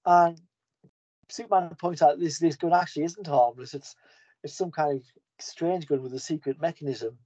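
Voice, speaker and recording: Brief: enthusiastic male podcast host, mellow, rambling, dry lo-fi sound. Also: on the high side, moderate pace, dry recording. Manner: enthusiastic, rambling, with frequent restarts. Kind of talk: casual comic book recap. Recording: dull lo-fi podcast audio.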